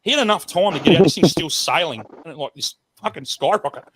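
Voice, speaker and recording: An Australian man tells a long, swearing-laced yarn in a bright, forceful voice that sits a bit high. He talks animatedly over a voice chat line, and there is a faint hiss behind him. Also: fast. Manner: profane, animated yarn-spinner. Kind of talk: casual storytelling.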